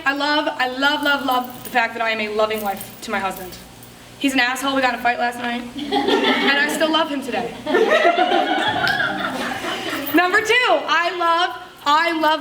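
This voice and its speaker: A woman's voice: sits high, bright, forceful tone, a little hiss or hum. A woman from upstate New York giving a chatty, upbeat motivational talk at a sales summit, acting out party small talk and laughing often. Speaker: direct sales speaker at a summit. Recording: echoey hall, mic from a distance.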